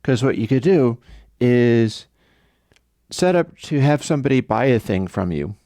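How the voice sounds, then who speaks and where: A man's voice: mid-range voice, animated, a little slow, mellow, dry recording, studio quality. A man hosting a livestream, telling a story in a rambling, conversational way. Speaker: livestream host. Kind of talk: casual livestream chat.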